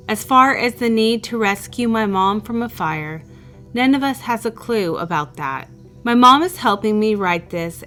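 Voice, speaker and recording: A woman calmly reading out a first-person story as the channel's narrator, in an even storytelling delivery. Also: medium pitch. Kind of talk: scripted narration of a reader's story.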